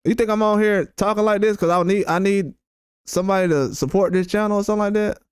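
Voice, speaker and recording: Firing back at his chat during a live stream, a boxing channel host rants with heat and bluntness, throwing repeated profane jabs. He talks quickly in a high, clean voice, captured in studio quality without echo.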